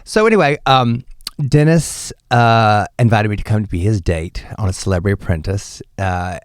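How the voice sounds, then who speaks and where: A man guest, a drag performer, telling stories in a casual interview with a lively, campy manner and bursts of laughter. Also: moderate pace, clear, resonant tone, dry recording, clean studio sound. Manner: animated, campy, laughs often, jumps up in pitch.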